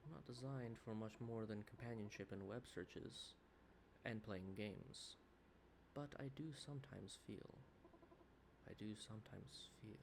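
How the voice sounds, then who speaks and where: A man voicing a gentle, friendly male AI companion program in an earnest, put-on accent. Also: fairly low pitch, measured pace, vocal fry, noisy background.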